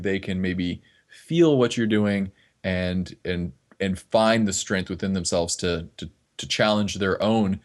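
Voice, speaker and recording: Earnest man with a lowish voice. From northeast Florida, US. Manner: earnest, restarts words often. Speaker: podcast guest, fitness trainer. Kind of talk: casual podcast conversation.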